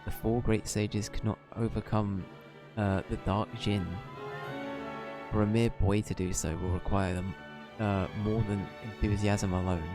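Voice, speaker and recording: A wise older sage who speaks formally and gravely, as a streamer reads him out. The voice sits low, with a clear game soundtrack running underneath. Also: male voice, flat delivery, measured pace, natural voice. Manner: reading aloud, formal. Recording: game music behind.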